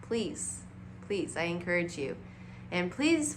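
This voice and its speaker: A woman's voice: lowish voice, unhurried, fairly bright tone, a little hiss or hum. Bubbly chatty young woman vlogger. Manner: bubbly and chatty, with many fillers like "like" and "um". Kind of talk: casual chat to camera.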